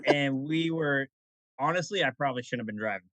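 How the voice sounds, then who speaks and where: A man's voice: medium pitch, a little fast, a bit bright, no room sound, poor audio. A man on a podcast, telling rambling stories in casual chat and often restarting his sentences. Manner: rambling, self-correcting storyteller. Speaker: podcast co-host.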